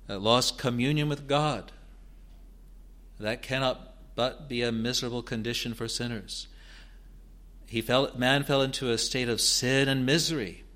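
A man preaching an expository sermon in a deliberate, earnest way, building to emphatic rises. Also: medium pitch, sharp tone.

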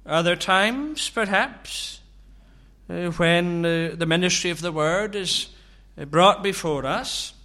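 A preacher delivers his sermon at an unhurried pace. His voice sits a little high and rings bright. He leans on slow, searching rhetorical questions.

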